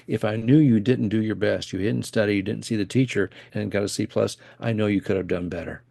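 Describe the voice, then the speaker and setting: Brief: podcast guest, a man with a low, gravelly voice who tells animated stories and acts out the lines, recorded dry and close. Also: a little fast, no echo. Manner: animated storyteller who acts out quoted dialogue. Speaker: guest, financial planner and former coach. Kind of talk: casual storytelling in a podcast interview.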